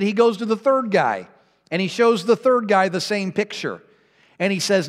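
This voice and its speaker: A man's voice: high voice, lively intonation, normal speed, fairly bright tone. A man preaching a sermon as pastor, telling a joke with a playful, chuckling storyteller's manner. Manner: jokey storytelling, chuckling at his own jokes. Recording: long reverb of a hall.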